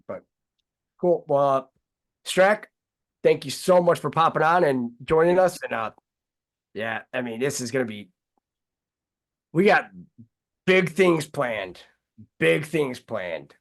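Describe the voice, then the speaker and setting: Guy hosting an online talk show, kinda high voice, rambly and worked up, swears a lot. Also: a little slow, long pauses. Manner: rambling, heated, swears freely. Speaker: host.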